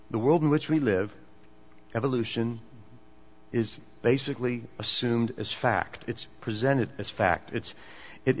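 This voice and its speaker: Preacher man in a dull echoing hall. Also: mid-range voice. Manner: swings between emphatic and hushed delivery. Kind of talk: sermon. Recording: dull, echoey hall recording.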